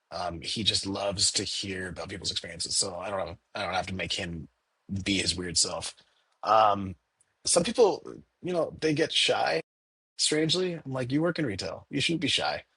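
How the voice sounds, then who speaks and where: A candy store owner in a casual interview, talking animatedly and acting out little quoted exchanges in a raised voice. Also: male voice, fairly low pitch, fairly bright tone, slightly rough, no echo.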